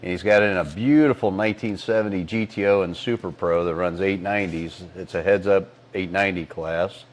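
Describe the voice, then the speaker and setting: A middle-aged man talks engines in loose, rambling shop talk, leaning on fillers and clearing his throat now and then. His voice sits a little low. It is picked up by a lapel mic clipped to his collar. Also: steady tone, a little fast, hardly any pauses. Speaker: engine builder and podcast co-host. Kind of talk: casual technical shop talk.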